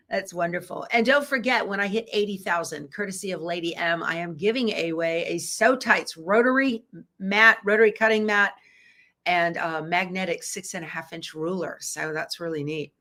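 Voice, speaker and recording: A middle-aged woman chats with her viewers in a folksy way. Her voice is bright and clear, at a middle pitch, as she talks through a casual live stream. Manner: chatty, folksy, reads out viewer comments. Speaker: quilting channel host.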